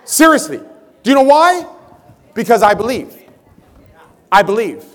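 A man leading a live motivational seminar at a sales convention, energetically shouting directions to the crowd. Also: very high voice, big pitch swings, measured pace. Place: large convention hall with a crowd. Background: crowd of hundreds.

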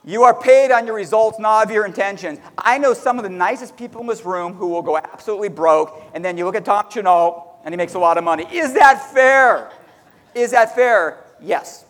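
A very high-pitched man fires up a sales crowd in a big hall, his voice ringing with long reverb. He talks loud and excitable, jumping into little acted-out quotes. The sound is a live stage talk before an audience. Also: fast talker, hardly any pauses. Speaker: motivational speaker at a sales meeting.

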